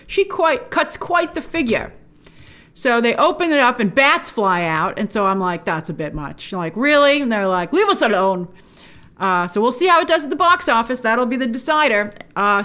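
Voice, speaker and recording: A woman's voice: a little high, a bit bright. Chatty woman reviewing a trailer. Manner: chatty, enthusiastic, many fillers and restarts. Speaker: film trailer reviewer host. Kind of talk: casual trailer reaction commentary.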